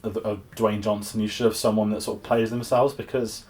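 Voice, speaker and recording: A man's voice: on the low side, level tone, brisk, darkish tone. A young English man giving a casual, exasperated film review, rambling with frequent restarts. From England.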